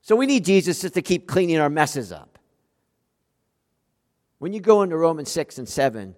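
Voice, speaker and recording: Man, pastor, sermon, fairly high voice, animated, loud outbursts and hushed asides, long church-hall reverb. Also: moderate pace, long pauses. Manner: animated, with sudden loud emphatic outbursts and drops to quiet.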